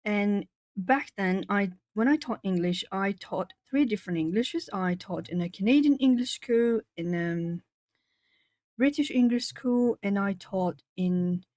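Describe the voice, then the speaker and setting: An artist streamer from Brazil chats casually while colouring on a live art stream, laughing often and answering viewers' comments. Her mid-range voice is a little mellow, and the recording is dry.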